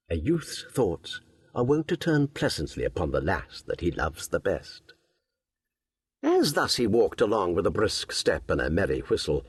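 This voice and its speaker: A man narrating a classic adventure audiobook in a measured, lilting storytelling manner. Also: on the low side, husky. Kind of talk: scripted narration.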